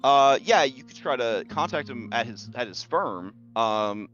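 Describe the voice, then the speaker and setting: Male GM, lively, bright delivery, loose and chatty, lo-fi stream mic, faint music. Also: medium pitch, unhurried. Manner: lively, many fillers and restarts. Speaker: game master. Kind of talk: narrating a tabletop game.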